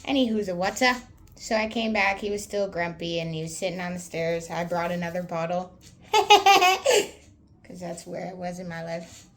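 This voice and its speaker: Gravelly low-voiced woman, blunt and profane. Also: a little hiss or hum. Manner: rambling, with many fillers like "like" and "anywho". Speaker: vlogger telling her own story. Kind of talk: candid personal storytelling.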